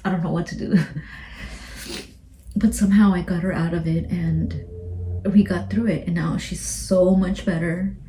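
A single mother in her thirties hosting a podcast, speaking emotionally in a halting, repetitive way, swearing and often dropping to a whisper. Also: on the low side, gravelly, mellow. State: emotional, near tears. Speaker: podcast host. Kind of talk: emotional personal podcast monologue.

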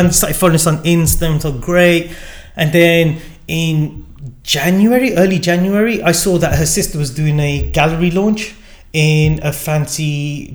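A middle-aged man with a voice a little above the usual for a man. He tells a long anecdote to an interviewer, acting out what each person said, with plenty of fillers along the way. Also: a little high. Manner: animated storyteller acting out quoted dialogue, many fillers. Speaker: guest. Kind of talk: casual storytelling.

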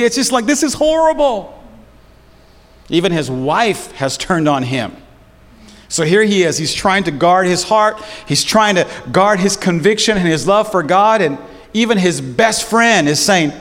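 A man's voice: high voice, expressive, moderate pace, a bit bright. A man preaching a sermon as pastor, storytelling in casual slang and with animation. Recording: long hall reverb.

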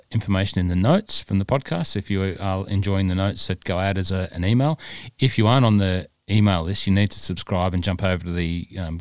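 Deep-voiced man rambling on a podcast. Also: no room sound, clean studio sound. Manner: rambling, lots of fillers. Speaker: podcast co-host. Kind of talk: casual chat.

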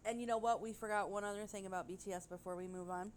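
A woman's voice: medium pitch, fairly even intonation, very fast. A woman co-hosting a casual podcast chat, rambling and gushing, with casual swearing. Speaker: podcast co-host.

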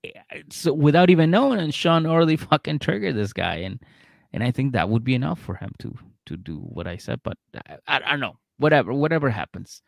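A man's voice: mid-range voice, big pitch swings, brisk, gravelly, no echo, clean studio sound. A man co-hosting a podcast, casually retelling a reality show in profane language and acting out what the people said. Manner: profane storytelling that acts out other people's lines. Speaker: podcast co-host.

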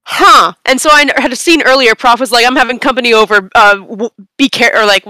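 A young woman on a casual podcast, telling a long story in an animated, rambling way with bursts of laughter. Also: fairly high pitch, fast, no room sound. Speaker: podcast co-host.

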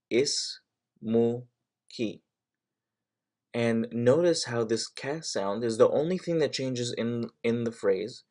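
Man teaching phrases slowly. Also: medium pitch, a little mellow. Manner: slow repetition of phrases, explanatory. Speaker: Arabic teacher and podcast host. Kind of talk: casual language lesson. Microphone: podcast mic.

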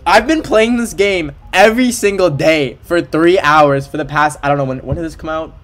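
A man livestreaming a game in casual chat, excitable and emotional, gushing over what he sees, at his desk at home. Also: on the high side, normal speed, a little hiss or hum. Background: faint game music.

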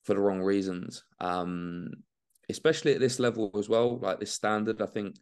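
A young Englishman chats easily on a podcast, his very deep voice sitting low the whole way through. He talks in a relaxed, loose way, peppering his talk with swearing and calling people mate. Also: normal speed, clear, resonant tone. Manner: laid-back, swears freely, says mate and man. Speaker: bodybuilding guest. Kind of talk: casual podcast chat.

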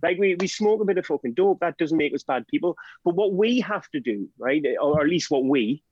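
A middle-aged man with a Geordie accent, a podcast guest talking in animated, sweary rants full of "right?" and "do you know what I mean". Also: fairly high pitch, fairly quick, breathy edge, no echo. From Northeast England. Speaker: podcast guest, drug harm-reduction trainer. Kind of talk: passionate podcast conversation. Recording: dull, dry podcast audio.

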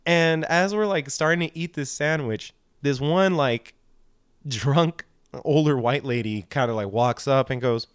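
A man's voice: medium pitch, moderate pace, clear, resonant tone, dry recording, studio quality. A man telling a long party story in casual chat, swearing often and acting out the people he quotes. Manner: profane, rambling, animated with quoted voices.

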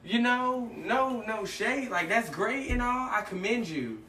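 A man talks about faith in casual conversation, his voice bright and forceful as he acts out stories with lively energy. He sits a little away from the mic, and the room around him is noticeably echoey, with a faint hiss of noise underneath. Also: high voice, unhurried, distant mic. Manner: animated storytelling, acts out dialogue.

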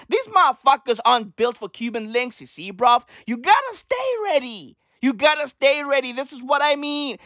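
A brash young woman rants in an emphatic, slang-heavy comedic style and keeps hammering the same lines. Her fairly high voice swoops up and down all the time. The sound is dry and close. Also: a bit bright, no echo. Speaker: comedic ranter. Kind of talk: profane comedic rant to camera.

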